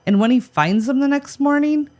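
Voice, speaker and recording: A woman's voice: sits high, moderate pace, a little mellow. A woman co-hosting a podcast, telling a history story with playful, jokey asides. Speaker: podcast co-host. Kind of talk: scripted podcast banter.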